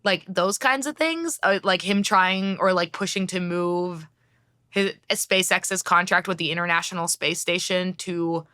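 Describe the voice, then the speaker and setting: A woman co-hosting a casual podcast, talking briskly and bluntly with casual swearing. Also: lowish voice, sharp tone, clean tone, dry recording, clean studio sound. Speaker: podcast co-host.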